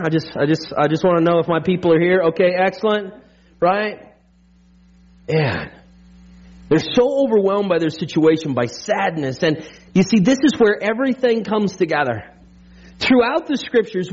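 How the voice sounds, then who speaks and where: A pastor with a notably high voice delivers a sermon to his congregation, energetic and chatty, cracking playful pop-culture jokes and dropping frequent "right?" checks. The recording is dull and lo-fi.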